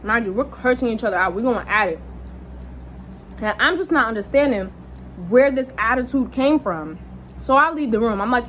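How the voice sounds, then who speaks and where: A young woman casually telling a personal story, animated and swearing, jumping up high when she quotes people. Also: normal speed, slight background noise, poor audio. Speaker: vlogger.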